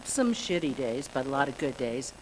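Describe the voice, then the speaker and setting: Frank low-voiced woman speaking in church. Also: very animated, normal speed, a little hiss or hum, poor audio. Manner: frank and chatty, with mild swearing and restarts. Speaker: congregation member sharing a reflection. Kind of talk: casual personal reflection at a church service.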